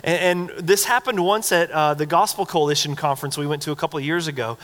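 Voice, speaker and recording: A man preaching a sermon in a church sanctuary, sounding conversational and earnest as he tells a personal story. His voice sits a little high for a man, and a long hall reverb trails each phrase. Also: quick pace, fairly bright tone. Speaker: pastor.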